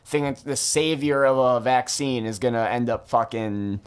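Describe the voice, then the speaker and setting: A man's voice: measured pace, smooth. A young man in casual, profane chat with friends, rambling through stories and acting out friends' lines. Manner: rambling, profane, laughs and acts out friends in high-pitched voices.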